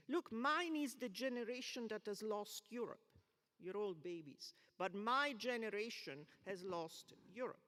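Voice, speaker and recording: A woman's voice: fairly high pitch, fairly bright tone. Older lady on a panel, fired up and emphatic, voice swooping up and down, long hall echo. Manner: impassioned, emphatic. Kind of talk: panel discussion. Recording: long reverb of a lecture hall.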